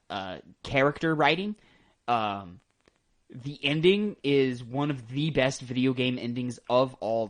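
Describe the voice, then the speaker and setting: A man's voice: mid-range voice, a bit bright. A young man co-hosting a casual gaming podcast, enthusiastic and rambling, with plenty of ums and likes. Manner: enthusiastic, rambling with many fillers. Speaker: podcast co-host.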